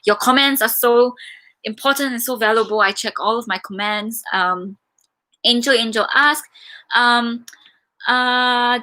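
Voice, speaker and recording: Bright, chatty young Singaporean woman. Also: a little high. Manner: chatty, animated storytelling with many fillers. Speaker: vlogger answering viewer questions. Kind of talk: casual live Q&A chat.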